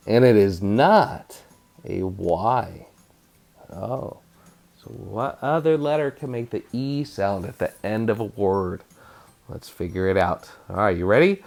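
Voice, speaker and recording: Gravelly, slow-spoken man teaching spelling. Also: medium pitch, lively intonation. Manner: encouraging, sounds out syllables slowly. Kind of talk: spelling lesson for children.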